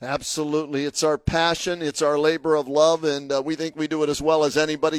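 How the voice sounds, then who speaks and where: A man co-hosting a local sports radio show, his voice pitched high and recorded dry and close. He talks in an upbeat, rambling way, full of promotions and fillers. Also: a bit bright, no room sound. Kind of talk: casual radio talk.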